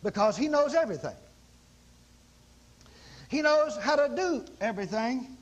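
Man preaching, high and lively voice, folksy with dramatic outbursts. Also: measured pace, dull audio. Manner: folksy, dramatic, acts out quoted exclamations. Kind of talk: sermon.

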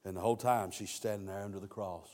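A man's voice: on the low side, fairly even intonation, fast, a little mellow. Male preacher, narrative sermon delivery, echoing hall. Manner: storytelling preacher who voices biblical quotes. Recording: long hall reverb.

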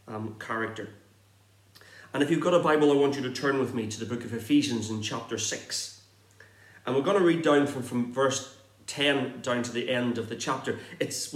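A middle-aged man from the north of Ireland preaches with a Northern Irish accent, his voice sitting at an ordinary middle pitch. He talks in a chatty way, dropping frequent ums between phrases. The recording carries a noticeable room echo. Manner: warm, chatty introduction, with frequent um fillers. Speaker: pastor. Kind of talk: sermon. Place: recorded remotely for an online service.

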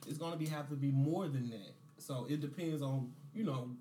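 A man's voice: medium pitch, moderate pace, dark tone, echoey room, slight background noise. A man, a podcast guest, making his point casually and often asking "you know what I'm saying". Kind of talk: casual group chat.

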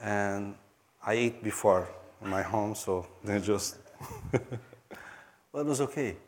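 A pastor from Brazil, speaking in Portuguese-accented English, tells a story earnestly during a sermon, his phrasing halting and non-native. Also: on the low side, slight background noise.

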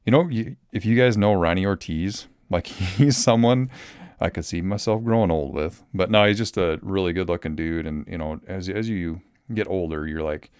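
A man's voice: deep voice, moderate pace, a little mellow, clear, resonant tone, dry recording, studio quality. A man in his thirties from Minnesota hosting a solo podcast, talking casually and rambling with lots of ums and restarts. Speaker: podcast host.

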